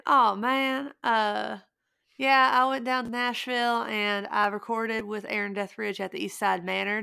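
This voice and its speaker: Gravelly-voiced woman chatting casually. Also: a little high, pushed and bright, no echo, studio quality. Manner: chatty, rambling, many fillers. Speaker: podcast co-host. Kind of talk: casual chat.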